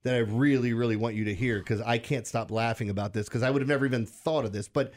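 A man's voice: medium pitch, fast talker. A man co-hosting a morning sports radio show, telling odd news stories in an incredulous, laughing way. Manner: incredulous, laughing, animated storytelling. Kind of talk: casual morning radio banter.

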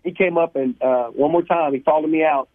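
A man from Louisiana, telling his life story as a radio guest, animated and laughing, often repeating words. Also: fairly high pitch, a little fast, no echo. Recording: tinny phone line, dry.

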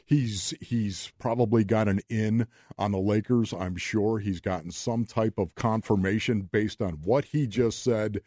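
A man's voice: on the low side, fairly even intonation, unhurried, few pauses, mellow, no room sound, clean studio sound. A man hosting sports talk radio, emphatic and full of rhetorical questions.

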